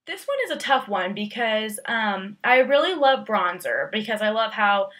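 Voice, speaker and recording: A woman's voice: mid-range voice, big pitch swings, normal speed, fairly bright tone. A young woman vlogging casually, rambling through tag questions with lots of fillers and playful, exaggerated emphasis.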